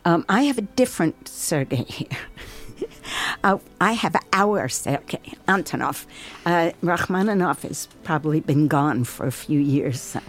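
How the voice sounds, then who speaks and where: A woman from Brooklyn hosts a relaxed interview, talking slowly with a low voice. Her pitch swings widely as she chats, and she pokes fun at her own slips. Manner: chatty, laughs at herself. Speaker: radio host. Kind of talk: casual interview.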